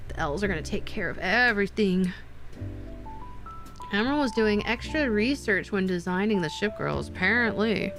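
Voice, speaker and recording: A young woman streaming while doing a craft, chatting casually with her viewers and getting excited easily. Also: mid-range voice, normal speed, soft background music.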